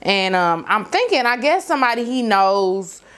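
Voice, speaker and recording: A middle-aged woman vlogger casually telling a story from her teenage years to her viewers, slangy and animated. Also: medium pitch, moderate pace.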